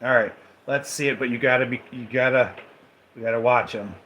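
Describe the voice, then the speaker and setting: A man's voice: medium pitch, fairly even intonation, brisk, muffled recording. A man hosting a casual live stream from home on a handheld phone, chatting straight to viewers and reading their comments aloud. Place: at home indoors. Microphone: phone held in hand.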